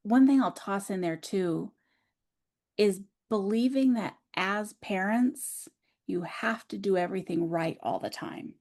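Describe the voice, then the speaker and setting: A woman's voice: medium pitch, a little slow, darkish tone. A woman co-hosting an advice podcast, talking openly and reflectively about her own experience. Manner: open and reflective, sharing personal experience. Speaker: podcast co-host. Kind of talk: reflective personal chat.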